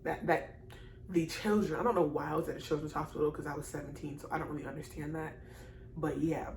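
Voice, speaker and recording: A young woman with a low voice tells her own story straight to camera, rambling and circling back on herself. She is emotional and keeps apologizing as she goes. The room around her rings with echo, and a faint hiss sits underneath. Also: steady tone, fast, gravelly, a little mellow. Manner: rambling and repetitive, speaks straight to viewers; emotional, apologizing and laughing through tears. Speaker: vlogger. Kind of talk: casual personal storytelling to camera. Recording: echoey room with faint noise.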